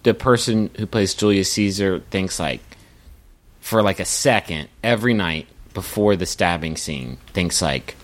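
A man's voice: low voice, a little slow. A man co-hosting a comedy podcast, riffing and joking with casual profanity. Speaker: podcast co-host.

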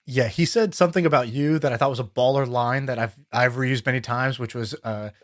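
A man's voice: mid-range voice, fairly quick. A man hosting a podcast, telling a story in casual chat and acting out the voices of the people in it. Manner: animated storyteller, acts out quotes. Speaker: podcast host. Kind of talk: casual conversation.

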